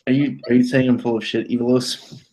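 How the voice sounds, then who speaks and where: Guy on a live stream, jokey, swears a lot, normal pitch. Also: flat delivery, fairly quick, warm tone, rough recording. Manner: loose, joking and swearing. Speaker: co-host showing items. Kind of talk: casual live-stream chat.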